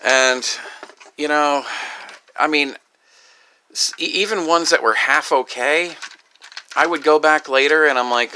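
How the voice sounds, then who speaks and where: A grieving, upset man talking in a rambling personal vlog, halting and profane, with many restarts. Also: a little high, sharp tone, a little hiss or hum. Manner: halting, profane, full of restarts and "you know". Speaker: video creator.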